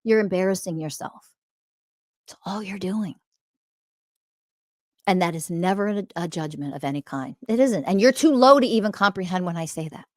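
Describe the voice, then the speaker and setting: A woman hosting a podcast, delivering a confrontational, profane ranting monologue that swings from loud emphasis to quiet muttering. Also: lowish voice, animated, normal speed, long pauses, no echo, clean studio sound. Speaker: podcast host.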